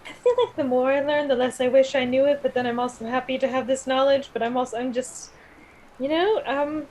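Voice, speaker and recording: High-voiced woman rambling playfully. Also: fairly even intonation, fairly quick, darkish tone, a little hiss or hum, low-quality recording. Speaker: player. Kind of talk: casual tabletop game chat.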